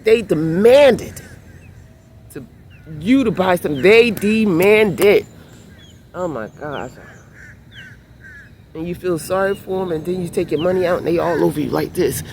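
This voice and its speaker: A woman's voice: fairly low pitch, moderate pace, gravelly, long pauses, a little hiss or hum. A woman vlogger telling a casual storytime in a chatty way, sitting in a minivan by the beach. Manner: animated, chatty storytelling with exclamations.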